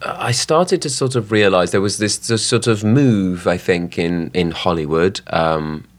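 A man's voice: low-pitched, a little slow. A man, an actor, chatting casually as a guest, often restarting his sentences. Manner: hesitant, lots of restarts. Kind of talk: casual chat.

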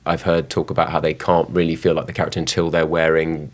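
A man's voice: extremely low pitch, little pitch movement, quick pace. A young man with a London accent, an actor chatting in an interview, hesitant with many fillers and restarts. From southwest London, England. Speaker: actor, guest. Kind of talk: casual interview chat.

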